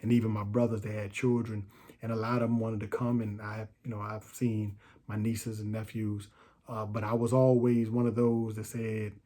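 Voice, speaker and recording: A middle-aged man from the Washington, D.C. area, casually recounting a personal story in a reflective, unhurried way, with many fillers and restarts. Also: on the low side, level tone, dark tone. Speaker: storyteller recalling his release from prison.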